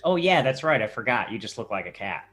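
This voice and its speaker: Man as a teasing little dog ranger, animated, playful jabs. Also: mid-range voice, fast, soft background music. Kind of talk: tabletop role-play over voice chat.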